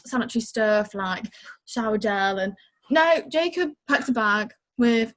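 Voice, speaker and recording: A woman's voice: a little high, lively intonation, a little slow, slight background noise. A young woman, a youth leader, chatting casually and earnestly, with frequent fillers as she explains. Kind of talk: casual chat.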